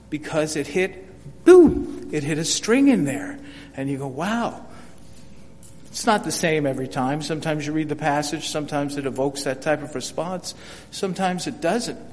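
A man's voice: on the high side, darkish tone. An older man teaching a Bible study in a folksy, conversational way, often repeating words and acting out the lines he quotes. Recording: reverberant hall with faint hum.

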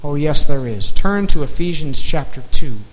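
A man preaching a sermon in slow, emphatic phrases, dropping to a near-whisper on key words. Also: fairly high pitch, lively intonation. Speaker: pastor. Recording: long reverb of a large hall, faint noise.

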